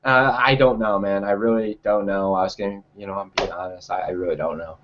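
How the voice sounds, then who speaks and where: A man's voice: fairly low pitch, fairly even intonation, brisk, dull audio, slight background noise. A young man telling a personal story in a casual, rambling way, full of fillers and restarts.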